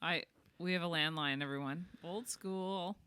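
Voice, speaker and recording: Bright-voiced female podcast co-host. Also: lowish voice, clean tone, no echo. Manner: curious, quick to laugh and ask questions. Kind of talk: casual podcast chat.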